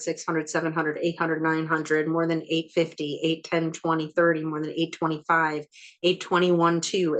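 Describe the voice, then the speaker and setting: A woman leading an ancestral healing session, calmly and methodically counting back through generations in a matter-of-fact way. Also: deep voice.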